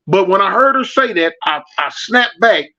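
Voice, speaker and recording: High-voiced Los man, animated storyteller. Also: normal speed. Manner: animated, slangy, acts out voices in his stories. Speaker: storyteller answering live chat. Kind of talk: casual street storytelling. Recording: dull lo-fi audio.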